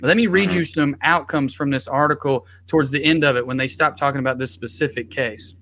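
A man's voice: fairly high pitch, a bit bright. A man and former public defender, talking bluntly and with passion in a podcast discussion, swearing freely.

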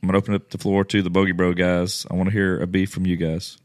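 A man co-hosts a casual podcast chat, teasing his guests and jumping in with rapid remarks. His voice sits on the low side, and the recording is dry and close. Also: flat delivery, no echo. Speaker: podcast co-host.

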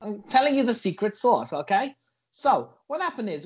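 A man bantering on a comedy podcast in a put-on American accent, playing it mock-serious and exaggerated. His voice is slightly husky and a little higher than most men's, and it swings widely up and down. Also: very animated, normal speed, darkish tone. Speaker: podcast co-host.

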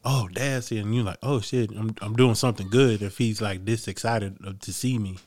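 A man talking as a guest on a casual podcast, relaxed and agreeable, mostly giving short replies. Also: on the low side, moderate pace, no room sound. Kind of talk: casual chat.

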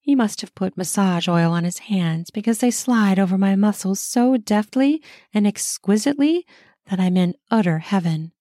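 Woman telling a first-person audio story, mellow dark voice, close and dry. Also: medium pitch, animated, normal speed, dry recording. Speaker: narrator.

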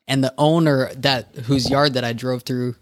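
A man's voice: medium pitch, fairly even intonation, normal speed. A young man casually telling a story to friends in an easygoing way. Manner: laid-back anecdote teller. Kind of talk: casual chat.

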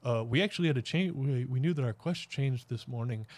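A man's voice: mid-range voice, fairly quick, a little mellow, dry recording, natural voice. A man voicing a shy, nerdy male half-orc who stammers and apologizes, in a tabletop game. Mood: flustered.

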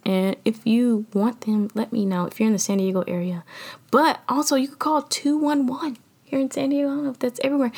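A woman hosts a podcast and gives motivational talk in a lively, slangy way. Her pitch sits in the middle, and she leans into a preachy, encouraging tone and laughs now and then. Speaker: podcast host.

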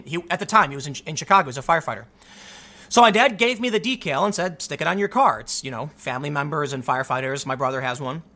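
Young man from the US, high voice, bright tone, stammering, animated storytelling. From United States. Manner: animated, many restarts and stammers, acts out quotes. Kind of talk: casual storytelling.

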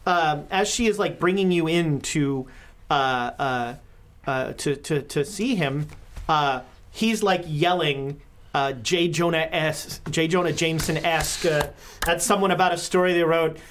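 A woman running a tabletop game as game master, narrating scenes haltingly with many fillers. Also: deep voice, a little hiss or hum.

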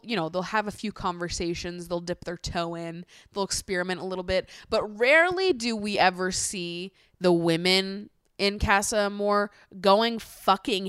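A woman's voice: fairly low pitch, clean tone, dry recording, clean studio sound. A young woman hosting a casual chat show, talking candidly and swearing freely. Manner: candid, animated, swears freely, mocks others in put-on voices. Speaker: podcast host.

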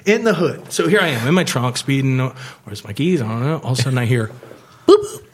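A man tells his story as a podcast guest, in a voice of ordinary pitch. He swears freely and acts out the other people's voices as he goes. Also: expressive, fast talker. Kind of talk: casual storytelling.

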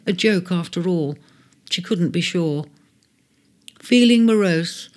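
A storyteller in a gentle, measured reading of a storybook. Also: mid-range voice. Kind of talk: storybook narration. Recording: faint music bed under the voice.

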